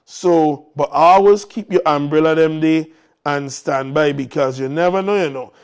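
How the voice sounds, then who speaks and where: A man's voice: fairly high pitch, moderate pace, darkish tone, clear, resonant tone. Upbeat man hosting live. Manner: upbeat, repetitive exhortations to the audience. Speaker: morning show host. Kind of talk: casual live show chat.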